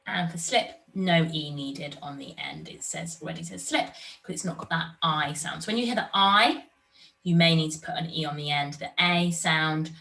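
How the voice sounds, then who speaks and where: A woman teaching young children in a recorded online lesson, sounding out words clearly and slowly. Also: deep voice, bright, forceful tone, recorded from a distance. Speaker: primary school teacher.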